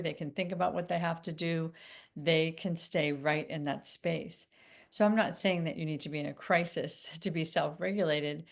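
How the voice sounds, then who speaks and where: A woman relationship coach talking to viewers in a gentle, meandering way, with many fillers and restarts. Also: low voice. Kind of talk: casual teaching monologue.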